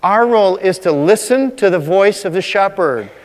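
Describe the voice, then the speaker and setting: A man preaching a sermon as a pastor, talking conversationally and slowing down to stress key points. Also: sits high, lively intonation, big-room sound. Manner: conversational preaching, slows for emphasis.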